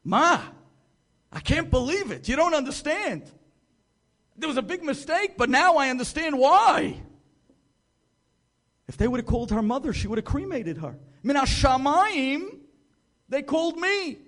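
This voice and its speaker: A man's voice: extremely high pitch, very animated, measured pace, pauses often, a bit bright, pitched above the performer's own voice, exaggerated voice. A man playing a frantic grown son who speaks in urgent, raised exclamations. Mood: amazed.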